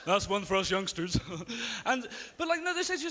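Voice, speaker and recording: Bright lively young comic. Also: male voice, high-pitched. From Ireland. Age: young adult. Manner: deadpan asides, acts out quick voices of others. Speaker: stand-up comedian. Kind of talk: stand-up comedy routine. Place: large theatre stage with audience. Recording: live theatre recording with long reverb and faint ambience.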